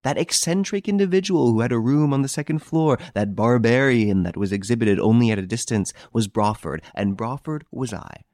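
A man voicing a proud, irritable gentleman thief in an audiobook, given to mocking, indignant outbursts. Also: medium pitch, animated, moderate pace, few pauses, dry recording, clean studio sound, voice pushed up, close to an everyday voice. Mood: bitter. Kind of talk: audiobook character reading.

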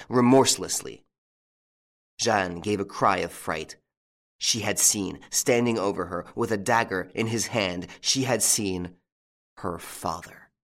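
A man narrating a mystery novel in measured, dramatic scripted narration. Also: lowish voice, fairly bright tone. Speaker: audiobook narrator.

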